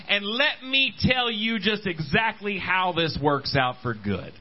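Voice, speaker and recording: A man's voice: high voice, takes it slowly, hardly any pauses, dull audio. A man preaching a sermon at a church service, calling out to the congregation. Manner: animated preaching, calls out to congregation. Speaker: pastor.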